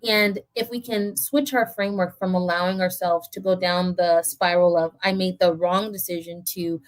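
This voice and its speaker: A woman's voice: on the low side, steady tone, moderate pace. Thoughtful woman podcast host. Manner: thoughtful, reflective, lots of fillers. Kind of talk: casual podcast conversation.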